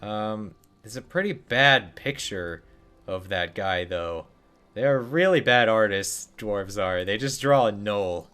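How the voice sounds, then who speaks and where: A man's voice: lowish voice, slow, a bit bright, clean tone. Sarcastic man streaming a game. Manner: sarcastic, joking, muttering asides. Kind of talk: casual gameplay commentary.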